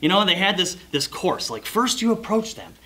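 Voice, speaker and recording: Male guest speaker, lively pitch, slightly high voice, storytelling talk to a club crowd. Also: normal speed. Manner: animated storytelling, acting out customers' voices. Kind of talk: sales and mindset talk to a club audience. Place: club Christmas party.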